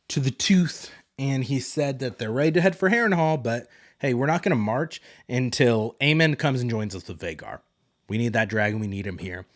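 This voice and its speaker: A man with a mid-range voice hosts a solo podcast, recapping a TV episode in a casual, rambling way and paraphrasing characters in loose quotes. The recording is dry and studio quality.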